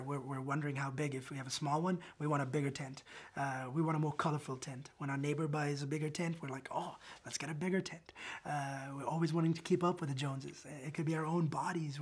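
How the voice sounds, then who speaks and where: A man's voice: on the high side, steady tone, brisk, slightly rough. A man preaching a sermon in a loose, conversational storytelling way, often asking "right?" and restarting his sentences. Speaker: pastor.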